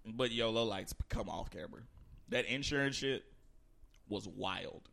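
A man co-hosting a podcast, bantering in an animated, profane way and shouting jokes. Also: on the low side, unhurried, creaky. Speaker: podcast co-host. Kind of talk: casual chat. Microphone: podcast microphone.

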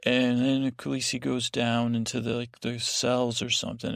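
A man's voice: medium pitch, monotone, normal speed, gravelly, hardly any pauses, no room sound, clean studio sound. A man hosting a sleep podcast, recapping a show in a meandering, drowsy way full of restarts and fillers. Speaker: podcast host.

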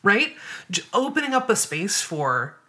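A woman's voice: medium pitch, very animated, measured pace, bright, forceful tone. A woman hosting a casual podcast conversation, explaining her views thoughtfully step by step and often checking in with "right?". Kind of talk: casual conversation on body image.

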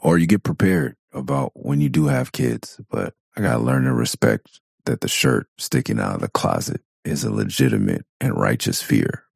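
A man's voice: sits low, wildly swooping pitch, moderate pace, gravelly, a little mellow, breathy edge, no room sound, studio quality. A man from Southern California hosting his own podcast, a father of four, talking in a blunt, profane, candid way and laughing often. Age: adult parent of four. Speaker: podcast host. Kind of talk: casual podcast monologue.

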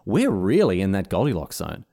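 A man co-hosting a casual podcast chat, animated and jokey, with many restarts. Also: low voice, normal speed. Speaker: podcast co-host.

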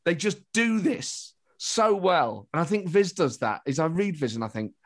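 A man's voice: on the high side, very animated, normal speed. A British man, a comedian, talking animatedly as a podcast guest, often restarting his thoughts mid-sentence. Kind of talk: casual interview chat.

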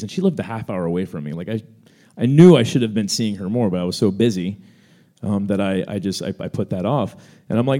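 A man's voice: fairly low pitch, lively intonation, a little fast, dark tone. A young man co-hosting a live event, telling a story casually with lots of fillers and restarts, speaking into a stage microphone. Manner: rambling, many fillers and restarts, acts out quoted voices. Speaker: co-host answering audience questions.

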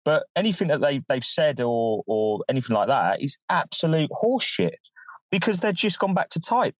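A man co-hosts a podcast and makes his case bluntly, with frustration. His voice is mid-pitched and recorded close and dry. He builds his argument point by point. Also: very animated, moderate pace, no room sound, poor audio. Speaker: podcast co-host. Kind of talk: casual podcast chat.

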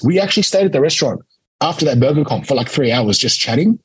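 A young Australian man, an interview guest, telling a lively casual story and acting out quoted lines. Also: on the high side, racing, husky, no echo, poor audio. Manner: animated anecdote-telling, acts out quotes. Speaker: interview guest, competitive eater.

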